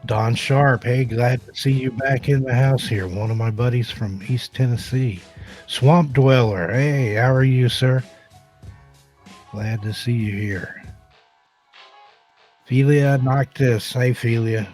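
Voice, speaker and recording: A man hosting a casual live-stream chat show, relaxed and greeting viewers one by one. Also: medium pitch, slow pace, soft background music. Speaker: host.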